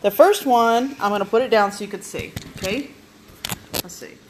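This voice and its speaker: Heavy background noise surrounds this home cook vlogger, a woman with a medium-pitched voice speaking at normal speed. She chats her way through her kitchen appliances, constantly asking viewers "okay?"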